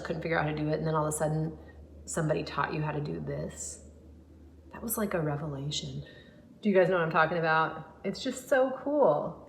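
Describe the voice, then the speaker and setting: Earnest woman coach, slightly low voice. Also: a little hiss or hum. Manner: earnest, thoughtful, with frequent fillers and restarts. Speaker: gut health coach. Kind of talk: casual reflective talk to camera.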